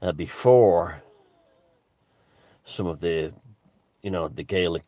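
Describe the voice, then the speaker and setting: An Irish man talking in a rambling, digressive casual monologue, halting with frequent restarts and asides. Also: sits low, mellow, no room sound. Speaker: vlogger.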